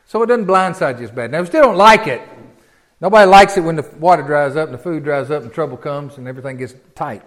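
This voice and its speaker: Folksy preacher man. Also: high voice. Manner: folksy, conversational, many rhetorical questions. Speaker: pastor. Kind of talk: sermon Bible teaching.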